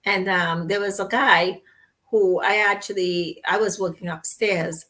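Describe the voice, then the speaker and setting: A chatty woman host with a Trinidadian accent, animated and full of stories. She laughs easily and keeps the conversation rolling. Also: mid-range voice, unhurried. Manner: animated, chatty storyteller who laughs often. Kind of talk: casual chat.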